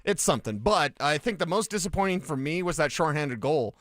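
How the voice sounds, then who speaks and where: A man from Colorado co-hosting a sports radio show, bantering casually with quick interjections. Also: on the high side, animated, fairly bright tone, no echo, clean studio sound. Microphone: studio mic.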